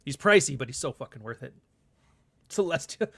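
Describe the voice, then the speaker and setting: A man in a casual vlog monologue, speaking at a mid-range pitch. He rambles candidly and swears freely as he talks. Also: brisk, fairly bright tone. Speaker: podcast host and author.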